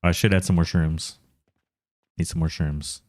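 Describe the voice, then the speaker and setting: A man's voice: low-pitched, fairly even intonation, unhurried, darkish tone, dry recording. A man with a Texan accent chatting casually through a game stream, talking to himself and his chat and laughing often. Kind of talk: casual gameplay commentary.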